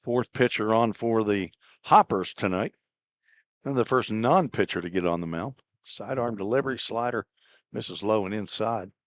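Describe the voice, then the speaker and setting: Low-voiced and easygoing, this baseball play-by-play man talks conversationally between pitches, tossing in offhand comments and chuckling when he slips up. The recording is close and dry, without any room ambience.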